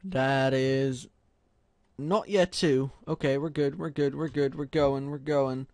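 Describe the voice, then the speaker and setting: A man doing let's play commentary, muttering low and then breaking into loud frustrated shouts. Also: fairly even intonation, slow pace, no echo. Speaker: gaming commentator.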